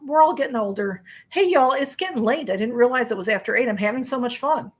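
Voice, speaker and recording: A middle-aged woman with a Chicago accent hosts a live stream in a casual, rambling chat, reading out viewer comments, her voice going a little hoarse. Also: on the high side. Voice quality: rambling, chatty, with frequent fillers and restarts. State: voice getting hoarse.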